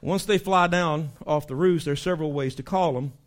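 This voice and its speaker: A man, a pastor preaching in a folksy, animated storytelling way, breaking into animal call imitations. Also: a little high, fairly quick.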